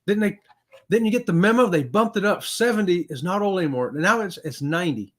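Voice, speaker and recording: A little fast and somewhat high-voiced for a man, this middle-aged host leads an easygoing livestream chat. He goes through viewer comments with upbeat, folksy warmth and keeps chuckling along the way.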